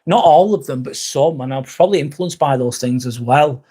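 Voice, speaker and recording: A man's voice: mid-range voice, a little fast, mellow, husky. A middle-aged man with an English accent chatting candidly on a live stream, rambling and reading viewer comments aloud. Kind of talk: casual live-stream chat.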